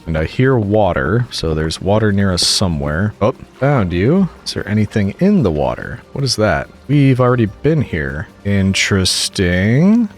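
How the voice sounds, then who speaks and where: Man, low voice, casual let's play commentary, jokey asides, faint music behind. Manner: chatty, jokey, talks to the game's monsters. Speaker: gaming commentator.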